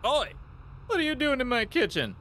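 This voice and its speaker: A man voicing a nervous, gruff male tavern cook who speaks in rough slang while reading game dialogue. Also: very high-pitched, sing-song, moderate pace, pushed and bright, voice pushed up, full character voice. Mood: gruff, pleading.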